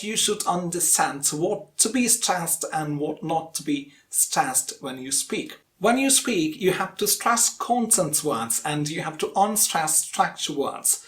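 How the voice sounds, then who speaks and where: A man with an Indian English accent teaching an English pronunciation lesson, speaking slowly and deliberately and repeating key terms. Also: high-pitched. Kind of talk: spoken lesson.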